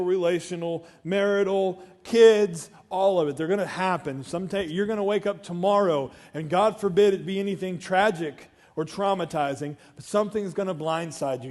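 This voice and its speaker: A male pastor delivering a loose, conversational sermon in a church, pitched a little above the usual man's voice. He is chatty and self-deprecating and keeps turning to the congregation with joking asides and quick questions. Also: darkish tone.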